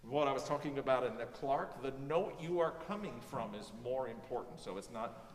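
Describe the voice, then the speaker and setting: Fairly quick and mid-range, this male voice belongs to a music master class teacher who coaches a student with animation, singing phrases to get his point across. It's recorded from a distance in a hall full of echo.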